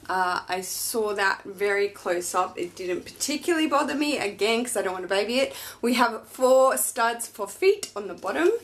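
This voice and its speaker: Her voice a little high and a bit bright, a thirty-something Australian woman vlogs about fashion. She gushes and chats emotionally while unboxing and sharing personal news.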